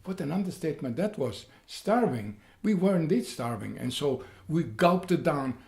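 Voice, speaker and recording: An old man recounts his past in a slightly high voice. He stumbles, repeats words and rises to loud excitement at key moments. The room around him adds a noticeable echo. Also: normal speed, creaky. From Poland. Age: 80s. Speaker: interviewee. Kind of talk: personal storytelling. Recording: roomy echo.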